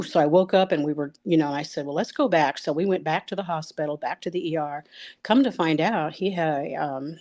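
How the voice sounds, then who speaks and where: A middle-aged woman telling a personal story out loud, rambling and halting, with many fillers and restarts. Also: sits low.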